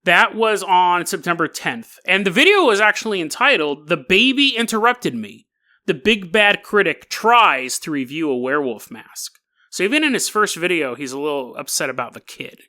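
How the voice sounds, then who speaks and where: A man's voice: high voice, expressive, moderate pace, bright, forceful tone. A man hosting a podcast, telling a strange story in a casual, wry way and laughing at his own asides. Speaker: podcast host.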